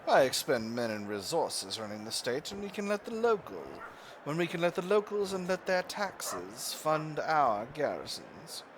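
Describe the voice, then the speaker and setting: A man's voice: a little high, big pitch swings, a little slow, background noise. A man putting on a pompous British colonial official. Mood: haughty. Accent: put-on British accent.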